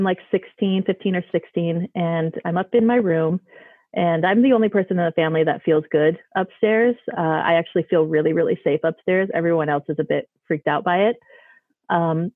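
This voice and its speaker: A woman's voice: lowish voice, no echo. A woman telling a personal story casually, rambling loosely with many fillers like "like" and "um". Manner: chatty, loose, lots of "like" and "um". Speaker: guest telling ghost stories. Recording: dry, tinny phone-like line.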